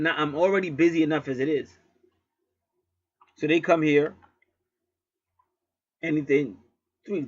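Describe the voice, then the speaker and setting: A man's voice: fairly high pitch, fairly bright tone, no echo, dull audio. A man at home telling a rambling story in a casual monologue, swearing freely and repeating himself. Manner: profane, rambling, repetitive. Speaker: channel host.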